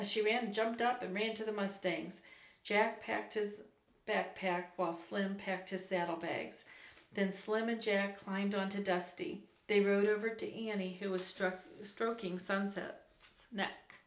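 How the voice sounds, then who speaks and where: A woman reads a children's storybook aloud at a slow, careful pace and corrects herself here and there. Her voice rings in a roomy, echoey space. Her pitch sits mid-range. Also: steady tone. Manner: unhurried reading with occasional self-corrections. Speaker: reader. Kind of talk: reading a children's book aloud. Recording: roomy echo.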